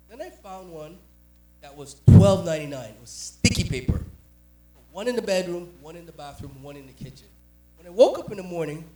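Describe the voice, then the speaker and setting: A man from Jamaica, doing a stand-up comedy set with punchy storytelling and quick character voices. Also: high-pitched, a little mellow. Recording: roomy, distant mic.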